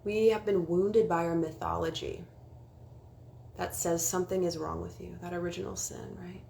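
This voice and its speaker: A woman's voice: fairly low pitch, fairly even intonation, moderate pace, gravelly, mellow, a little hiss or hum. A young woman, a spiritual life coach, talking casually on a livestream, earnest and sometimes dropping to a whisper. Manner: earnest, drops to whispers for emphasis. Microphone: phone.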